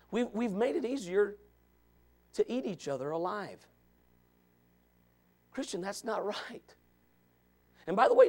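A man preaching a Sunday school sermon as a Baptist preacher, hammering points through repetition and building up to shouting. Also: sits high.

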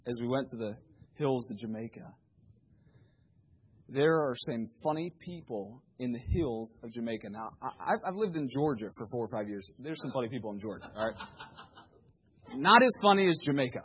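Bright-voiced man preaching with humor. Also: medium pitch, moderate pace, slight background noise, rough recording. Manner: humorous, animated storyteller. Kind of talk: sermon storytelling.

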